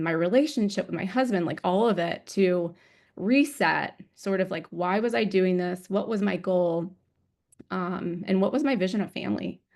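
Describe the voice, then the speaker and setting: A woman in her forties speaks as a webinar guest, telling her own story with slides. Her voice has a gravelly edge at a middling pitch. She talks candidly and with feeling, filling pauses with ums. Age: 40s. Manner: candid, emotional, many ums, laughs easily. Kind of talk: personal story talk with slides.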